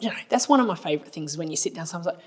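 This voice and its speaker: A woman's voice: on the low side, lively intonation, rapid-fire, slightly rough. Blunt, chatty Australian businesswoman. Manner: chatty storyteller, blunt and colloquial. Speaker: marketing agency owner and podcast co-host. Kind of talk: casual business podcast chat.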